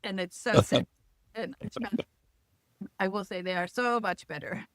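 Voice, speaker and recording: Female host, mid-pitch, gushing and chatty, dry close recording. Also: moderate pace, no echo. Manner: enthusiastic, gushing. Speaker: interview host. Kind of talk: chatty interview hosting. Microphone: video call.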